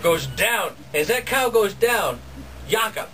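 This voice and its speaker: A man telling a folktale live at a bookstore, animated and chuckling, with sound effects. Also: sits high, measured pace. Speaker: storyteller. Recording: distant camera, noisy bookstore.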